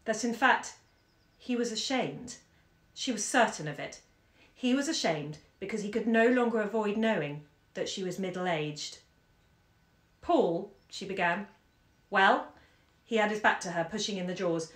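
A woman bookseller reading a short story aloud on a live stream from home, measured and lively in the dialogue. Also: medium pitch. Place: home during lockdown. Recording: echoey room.

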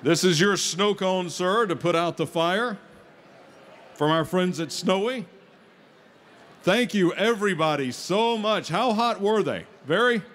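A man's voice: sits high, a little slow, fairly bright tone. A man emceeing a live food-eating contest, joking with contestants and hyping up the crowd. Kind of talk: live event announcing on a PA.

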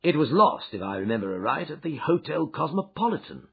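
Man reading as Sherlock Holmes, husky and lively. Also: fairly high pitch, heavily acted. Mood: grave. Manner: brisk, lecturing, precise. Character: shrewd confident male detective, middle-aged. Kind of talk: audiobook character reading. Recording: dull, muffled audio.

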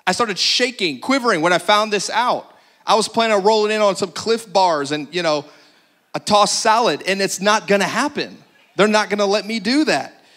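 A man's voice: high voice, animated, normal speed, fairly bright tone. A man pastor giving humorous practical announcements to a congregation, joking and exaggerating for laughs.

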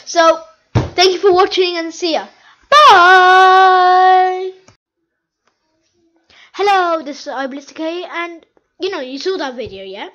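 A woman giving excitable, chatty commentary over her own gameplay video, repeating phrases over and over. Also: very high voice, normal speed, dull audio. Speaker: gaming video host.

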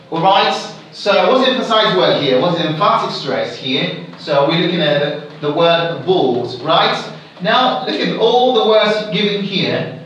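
Lively-voiced Nigerian man teaching English. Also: sits high, unhurried, recorded from a distance. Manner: repeats example sentences with shifting stress. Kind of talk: exam lesson explanation. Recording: echoey room, away from the mic.

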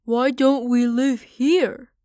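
A woman's voice: sits high, steady tone, slow pace, mellow, no echo, studio quality. A woman voicing a carefree little boy pig who loves mud, eager and childish in an audiobook. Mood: eager whiny. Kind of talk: audiobook character voice.

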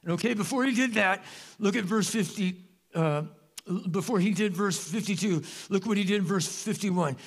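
At a moderate pace, this animated pastor jokes through his sermon in a church sanctuary, sounding like part of a church service. His high, gravelly man's voice leaps into loud, emphatic bursts.

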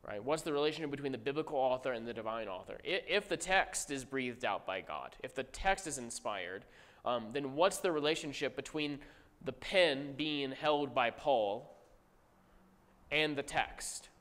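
A man's voice: mid-range voice, lively intonation, normal speed, a bit bright. Man lecturing in an echoey room. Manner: conversational, repeats points, asks class questions. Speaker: Bible teacher. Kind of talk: classroom theology lecture.

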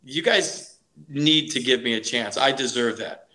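Man, middle-aged, bright tone, animated storyteller, podcast interview guest, frequent restarts. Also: medium pitch, unhurried. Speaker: guest, former ballplayer and broadcaster.

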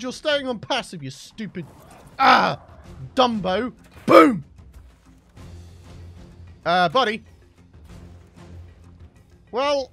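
A high-pitched man commentates his gameplay with big, lively swings in his voice. He exclaims and hurls jokey insults at his pets, sounding a little worn. Soft game music plays behind him. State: losing his voice. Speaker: gaming channel host. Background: game background music.

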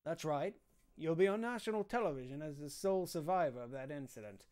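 A man's voice: fairly high pitch, expressive, brisk, darkish tone, close to an everyday voice. A man reading a stern middle-aged police captain's lines aloud while playing a game, giving orders in a firm, bossy way.

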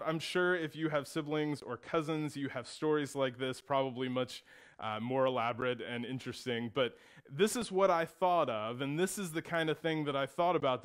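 Lively storytelling pastor, a man. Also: a little high. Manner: animated, acts out voices in his stories. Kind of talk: sermon storytelling.

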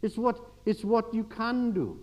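An older man giving a church sermon, telling everyday stories and swinging from quiet asides to emphatic exhortation. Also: high voice, big pitch swings, a little slow, low-quality recording. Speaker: preacher.

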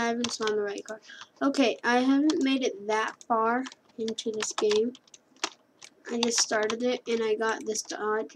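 A woman chatting casually as she plays a computer game, rambling and correcting herself as she goes. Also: fairly high pitch. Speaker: gameplay commentator. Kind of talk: casual gameplay commentary. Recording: keyboard clicks and clear background noise.

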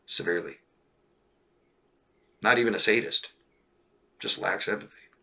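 A man's voice: lowish voice, a little slow, vocal fry, pushed and bright, breathy edge. A man coaching on relationships during a live stream, reading viewer questions and answering bluntly, often checking in with "right?" and "okay?".

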